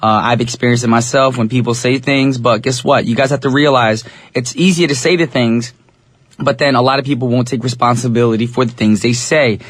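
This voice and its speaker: A young male radio DJ with an easygoing, chatty manner, talking directly to his listeners. His voice sits at a middle pitch and is slightly raspy. The studio sound is dry and close. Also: fairly even intonation, a little fast, no room sound. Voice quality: a little raspy today. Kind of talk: English-language radio DJ chat.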